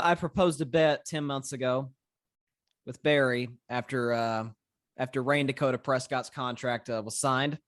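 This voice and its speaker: A man's voice: fairly high pitch, a bit bright, no room sound, studio quality. Southern man, emphatic podcast guest. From American South. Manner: emphatic, conversational sports talk. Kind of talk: casual podcast chat.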